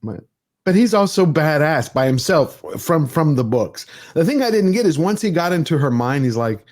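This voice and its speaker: A man as a podcast guest in casual chat, animated and laughing as he acts out scenes. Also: medium pitch, normal speed.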